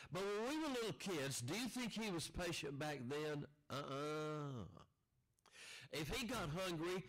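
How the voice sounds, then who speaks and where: A man in his seventies telling a folksy childhood story, unhurried and drawn out, asking the audience rhetorical questions. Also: medium pitch, poor audio. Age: 70s.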